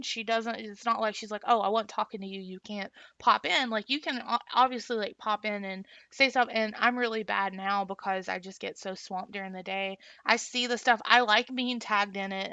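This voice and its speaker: A woman's voice: medium pitch, sharp tone, no echo. A woman giving casual advice as an instructional designer, chatty and rambling, with many fillers and restarts. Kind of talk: casual livestream talk.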